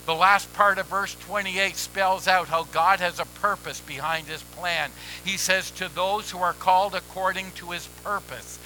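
A man preaching a sermon as pastor, measured and emphatic with deliberate pauses. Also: high-pitched, steady tone, sharp tone, slight background noise, low-quality recording.

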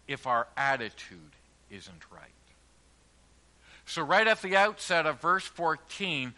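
A man preaching a sermon in a church, earnest and emphatic, slowing down to stress key phrases and letting line endings drop quietly. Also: a little high. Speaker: pastor.

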